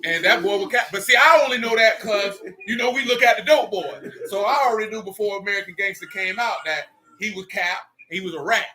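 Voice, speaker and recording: A man leading a loose, joking Bible study, talking in animated, teasing slang. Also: sits high, brisk, hardly any pauses. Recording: echoey room.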